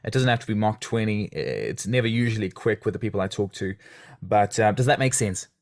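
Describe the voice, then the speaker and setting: A man's voice: on the low side, animated, fairly quick. A man from South Africa hosting a podcast, asking questions in friendly, chatty interview talk. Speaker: podcast host. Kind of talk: casual interview chat.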